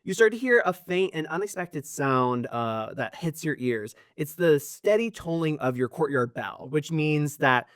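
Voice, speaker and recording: A man narrating a tabletop game as game master, describing scenes in a measured, descriptive way. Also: on the high side, expressive, fairly bright tone, no room sound, clean studio sound.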